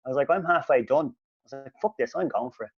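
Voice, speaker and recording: A man telling a sweary, animated story as a podcast host, his voice jumping up when he quotes himself. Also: mid-range voice, very fast. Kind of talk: casual storytelling. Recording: dull lo-fi podcast audio.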